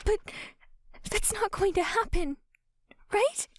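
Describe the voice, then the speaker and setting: A woman's voice: very high voice, slow pace, dry recording, studio quality. A woman voicing a frightened young woman who has been caught as a murderer and is crying and pleading not to die, in a fan-made game. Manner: pleading, breaking into sobs. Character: frightened young woman culprit begging for her life. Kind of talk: voiced visual novel dialogue.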